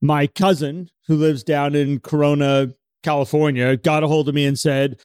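A man's voice: fairly high pitch, moderate pace, smooth, no echo, studio quality. A man co-hosting a podcast in casual chat, often acting out what people say when the phone rings. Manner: animated, acts out imagined phone reactions. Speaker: podcast co-host.

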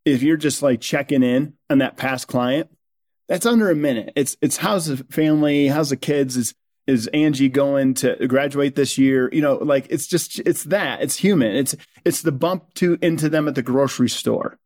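A man who is a company co-founder, speaking as a guest on a podcast in an energetic, persuasive way. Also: medium pitch, normal speed. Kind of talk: podcast conversation.

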